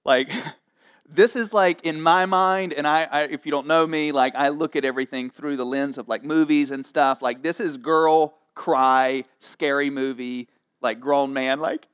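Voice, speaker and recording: A man preaching a sermon in a lively, jokey way, acting out the people in the story. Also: a little high, measured pace, smooth. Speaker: pastor.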